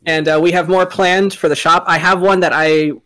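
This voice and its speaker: A man acting as dungeon master, chatting casually with his players on a stream. His voice sits a little higher than most men's, and he delivers housekeeping news in a light, joking manner. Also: little pitch movement, moderate pace, pushed and bright. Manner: joking, easygoing announcements.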